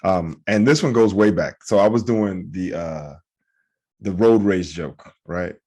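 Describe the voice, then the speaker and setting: A man with a fairly low voice co-hosts a casual podcast, spinning lively comedy anecdotes. He slips into voices for the people in his stories, with animated swings in delivery. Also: measured pace. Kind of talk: casual storytelling chat.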